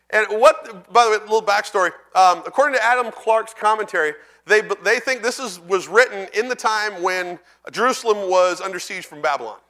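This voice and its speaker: A man preaching a sermon in a church, speaking conversationally to the congregation, asking them questions and reading scripture slowly and deliberately. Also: high-pitched, sharp tone.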